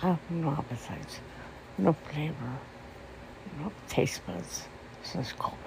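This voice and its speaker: A man in a casual venting monologue, rambling and swearing, swinging between hushed mutters and angry outbursts. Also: on the high side, takes it slowly, vocal fry. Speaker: vlogger. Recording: noisy background.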